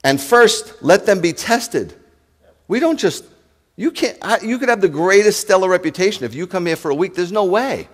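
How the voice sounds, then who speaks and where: A man, a rabbi preaching to his congregation in an animated, joking way and speaking straight to the listeners. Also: high-pitched, moderate pace. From New York. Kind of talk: sermon.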